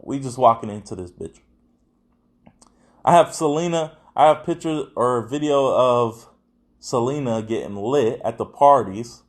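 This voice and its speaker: A man's voice: medium pitch, unhurried. A young adult man hosting a podcast, talking in casual, rambling chat full of slang and swearing. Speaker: podcast host.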